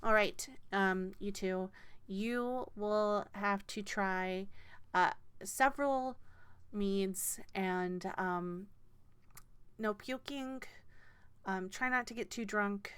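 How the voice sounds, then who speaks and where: A woman voicing a grumpy, weary mead seller who talks gruff and bossy. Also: medium pitch, extremely slow, a bit bright, no echo.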